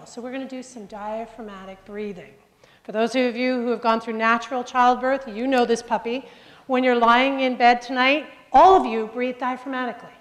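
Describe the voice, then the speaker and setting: A woman coaching a group through breathing exercises in a live workshop, upbeat, joking and directive. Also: fairly high pitch. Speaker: presentation skills coach. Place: large room with a group. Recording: reverberant hall sound.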